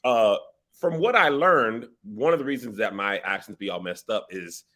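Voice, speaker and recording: A man's voice: lowish voice, lively intonation, moderate pace, pushed and bright. A man hosting a casual interview, playful and joking with his guest. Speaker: host.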